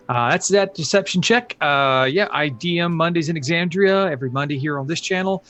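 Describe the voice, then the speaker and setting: A man playing in a tabletop game stream, chatting casually with halting speech and lots of fillers. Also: fairly high pitch, fairly bright tone. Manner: halting, many fillers and restarts. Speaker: player. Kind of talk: casual chat.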